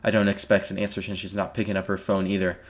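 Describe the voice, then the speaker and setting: A man streams a game live, narrating its text in a low, monotone voice at a fast clip. He moves between frightened whispers and startled shouts, saying the same short phrases again and again.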